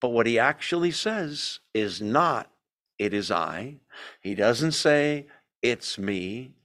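A man's voice: medium pitch, lively intonation, slow pace, fairly bright tone. A man teaching a Bible study in a conversational way, asking the group questions and telling the story with energy.

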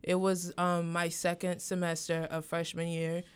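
A young woman in casual chat, an animated storyteller who acts out her parents. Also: fairly low pitch, a little slow, clean tone. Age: young adult.

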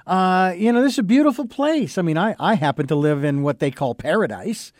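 High-voiced male host, reflective. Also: expressive, no room sound. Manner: reflective, halting, with many uh fillers. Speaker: radio or podcast host. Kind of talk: casual interview talk.

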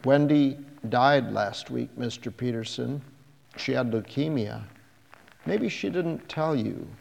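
A man voicing a weary young mother who speaks quietly and apologetically. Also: mid-range voice, expressive, slow, vocal fry, heavily acted. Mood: subdued. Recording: long hall reverb.

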